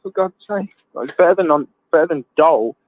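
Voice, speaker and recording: Caller on a tinny phone line. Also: male voice, a little high, lively intonation, fast talker, no echo. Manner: blunt, plain-spoken, says "mate". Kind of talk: casual phone chat.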